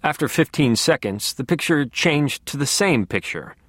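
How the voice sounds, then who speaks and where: A man reading a first-person story aloud with a dry, wry edge. His pitch moves a lot and the recording is close and dry, with no room sound. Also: expressive, normal speed, fairly bright tone, no echo. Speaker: narrator. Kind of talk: first-person audiobook narration.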